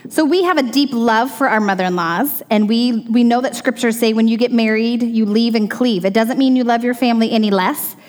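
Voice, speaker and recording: A middle-aged woman teaching a Bible story to children in a lively way, stopping to ask the kids questions. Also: medium pitch. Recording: long reverb of a large room.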